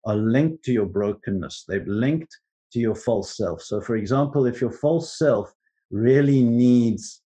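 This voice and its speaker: A man teaching on contemplative prayer in a gentle, earnest way, with frequent restarts. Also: mid-range voice, expressive, unhurried. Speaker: Christian teacher.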